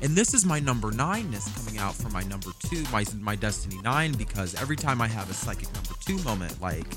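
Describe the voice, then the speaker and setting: A man's voice: fairly low pitch, big pitch swings, quick pace. Guy hosting a podcast, rambly and musing, music playing behind. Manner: rambling, musing, with frequent fillers. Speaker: podcast host. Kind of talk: casual podcast monologue.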